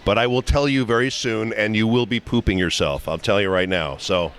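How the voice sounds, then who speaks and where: Low-voiced chatty male voice actor. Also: a little fast, a bit bright, clean tone. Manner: chatty, enthusiastic, many restarts and fillers. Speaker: voice actor guest. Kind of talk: convention interview, anecdotal storytelling. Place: convention venue. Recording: faint background noise.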